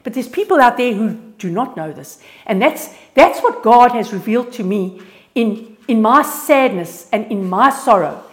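A woman giving an informal, earnest sermon and personal testimony, lively and prone to restarting words. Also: fairly high pitch, normal speed. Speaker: speaker sharing a testimony. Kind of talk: informal church sermon with slides. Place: church gathering.

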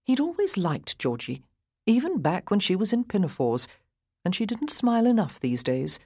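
A woman narrating an audiobook in an expressive, animated reading. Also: low voice, normal speed, dry recording, clean studio sound. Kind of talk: scripted narration.

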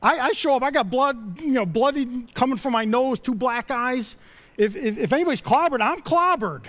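A middle-aged man preaching a sermon from a podium, emphatic and passionate, swinging between forceful declarations and quiet, humbled asides. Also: extremely high pitch, lively intonation, normal speed. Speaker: pastor. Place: church sanctuary at a podium.

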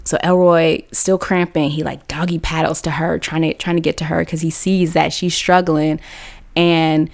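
A woman's voice: deep voice, little pitch movement, moderate pace, gravelly. A woman host telling a comic story in a casual, slangy way, laughing often. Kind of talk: comedic storytelling.

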